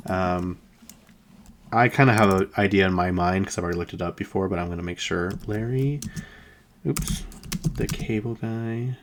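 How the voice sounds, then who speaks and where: A man's voice: deep voice, normal speed, long pauses, a little hiss or hum. A man hosting a podcast, chatting casually about celebrity news in a rambling way with lots of fillers. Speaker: podcast host.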